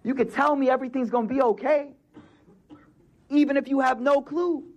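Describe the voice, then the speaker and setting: A man's voice: extremely high pitch, fairly even intonation, a little fast, lo-fi sound. A man preaching a sermon in a casual, slangy way, repeating key phrases for emphasis. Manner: casual, street-slang delivery with emphatic repetition.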